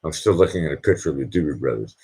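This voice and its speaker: This is a middle-aged man, hosting a casual live stream. His voice is low and husky, and his pitch swings widely as he rambles, repeating words and restarting sentences. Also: expressive, rapid-fire, warm tone. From Boston.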